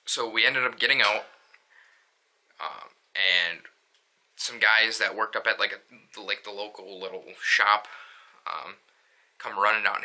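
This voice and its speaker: A man's voice: fairly low pitch, steady tone, normal speed, bright, forceful tone. A young man telling a story in a casual vlog, rambling with many fillers and restarts. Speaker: vlogger.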